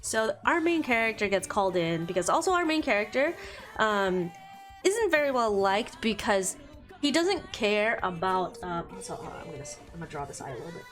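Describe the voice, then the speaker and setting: A woman's voice: medium pitch, very animated, normal speed, a bit bright, faint music behind. A woman streamer chatting casually while she draws, retelling a plot in a rambling, giggly way. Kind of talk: casual chat while drawing.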